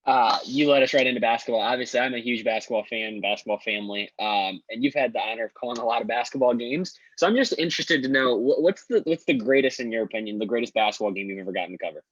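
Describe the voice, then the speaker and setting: A man co-hosting a podcast, asking a guest questions in a quick, loose way. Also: medium pitch, no echo, muffled recording. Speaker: podcast co-host. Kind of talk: casual interview questions.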